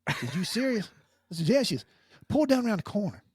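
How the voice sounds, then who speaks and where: A high-pitched man spins casual stories on a podcast, animated and laughing often. His voice sits close and dry on the mic, with no room around it. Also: fast talker, husky, no echo. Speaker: podcast co-host, former police officer. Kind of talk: casual storytelling chat.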